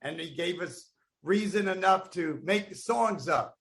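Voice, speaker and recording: A man's voice: high-pitched, expressive, unhurried, fairly bright tone. A man, from New City, doing a rambling stand-up roast bit with mock-sincere asides. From New York City. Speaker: roast guest comedian.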